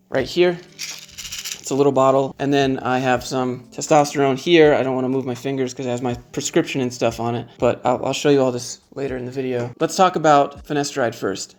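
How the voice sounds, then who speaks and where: A man in his thirties talking frankly to the camera in a casual vlog, joking as he goes. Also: on the high side. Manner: frank, joking, conversational, shows items to the camera. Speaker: YouTube creator.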